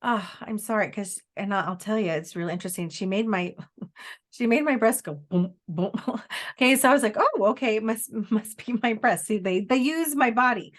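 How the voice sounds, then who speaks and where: A woman working as a psychic medium, giving a live spirit reading in a halting, searching way with many fillers, often quoting the spirit. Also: medium pitch. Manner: relays messages by quoting the spirit in first person.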